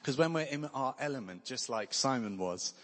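A man's voice: medium pitch, animated, normal speed. Man preaching in a reverberant hall. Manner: earnest, conversational preaching with light humor. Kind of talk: sermon.

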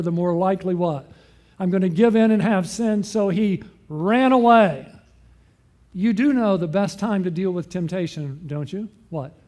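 A man preaching with a high, mellow voice. He keeps asking his listeners questions and then answers them himself, in a sermon style.

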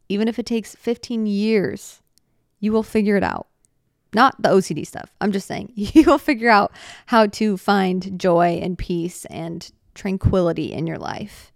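A woman's voice: medium pitch, normal speed, vocal fry, a little mellow, no room sound, studio quality. A woman in her twenties hosting a solo podcast, talking in an earnest, rambling, heartfelt way, cutting herself off and restarting, tearful at times. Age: 20s. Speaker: podcast host. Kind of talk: casual solo podcast talk.

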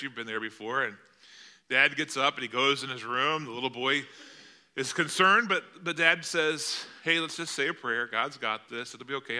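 A man's voice: mid-range voice, bright, forceful tone. A male pastor preaching a sermon in a church, telling a story with vivid, dramatic delivery. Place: church sanctuary.

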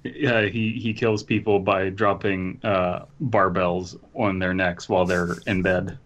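A man's voice: sits low, little pitch movement, a little slow, fairly bright tone, slight background noise. A man co-hosting a podcast, cracking dry jokes and reading a story aloud. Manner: dry joking, wordplay. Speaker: podcast co-host. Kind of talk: casual comedic chat and story reading.

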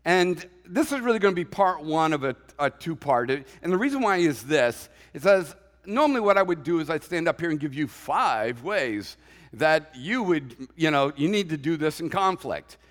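A male pastor with a high-pitched voice delivers a relaxed, conversational sermon. He jokes, acts out little quotes and asides, and the sound rings with a long reverb from the church hall. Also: moderate pace. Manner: conversational preaching with humorous asides and acted quotes.

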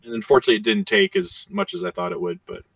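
A man's voice: high voice, huge pitch swings, racing, creaky, fairly bright tone. A man co-hosting a casual podcast chat, talking in a rambling way with many fillers. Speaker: podcast co-host. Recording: voice distant from the mic.

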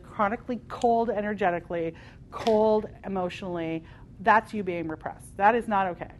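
A woman with a mid-range voice leads a live spiritual workshop in front of a group. Her delivery is passionate and emphatic, swinging from loud declarations down to quieter asides. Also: medium pitch, slight background noise. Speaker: workshop leader. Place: workshop room with a live audience.

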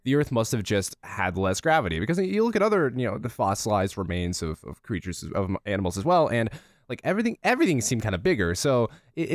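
A man's voice: on the low side, no echo, studio quality. A man co-hosting a casual chat, presenting odd theories with many restarts and stifled laughs. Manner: halting, many restarts, laughs mid-sentence. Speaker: podcast co-host presenting theories.

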